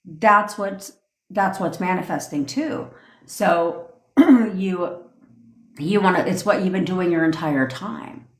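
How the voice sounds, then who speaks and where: Woman, manifestation coach, livestream rant, blunt, swearing, lowish voice, echoey room. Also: slow pace. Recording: roomy echo.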